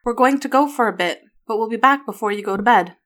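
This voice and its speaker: A woman's voice: mid-range voice, normal speed, close to an everyday voice. Woman playing a weary mother, worried, deflecting, storybook reading. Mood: friendly. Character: tired, worried young mother.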